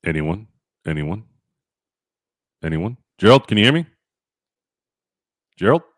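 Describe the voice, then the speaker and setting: A man with a somewhat low voice tells a rambling, profane story on his livestream, full of restarts and asides. The sound is close and dry, with no room around it. His delivery is loose and conversational. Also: sing-song, unhurried, no echo. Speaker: podcast host. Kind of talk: casual livestream chat.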